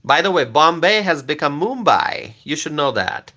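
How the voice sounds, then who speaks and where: A man's voice: on the high side, sing-song, moderate pace, bright, forceful tone. A man originally from Bangladesh hosting a live stream, reading viewer comments aloud and answering them with repeated questions and laughter. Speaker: livestream host reading chat.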